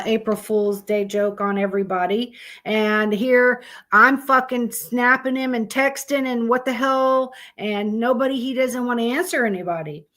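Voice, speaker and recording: A woman's voice: mid-range voice, a bit bright. A woman hosting a live stream, chatting casually with her viewers, greeting them by name and swearing freely.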